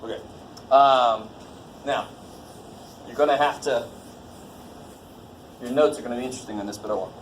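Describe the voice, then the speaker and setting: A man's voice: mid-range voice, normal speed, long pauses. A man teaching a college math class in a casual, jokey way, swearing lightly and quizzing the students as he goes. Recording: echoey classroom with faint noise.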